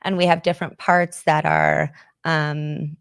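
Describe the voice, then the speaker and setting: American woman host, lowish voice, dry close sound, confessional and chatty with casual swearing. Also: little pitch movement, measured pace, creaky, clean tone, no room sound. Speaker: podcast host. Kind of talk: candid livestream chat with viewers.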